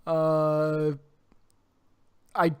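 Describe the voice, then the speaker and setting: A young man co-hosting a casual anime review podcast, rambling and excitable, often trailing off mid-thought. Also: a little high, very slow, smooth. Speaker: podcast co-host. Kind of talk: casual chat. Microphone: desk microphone.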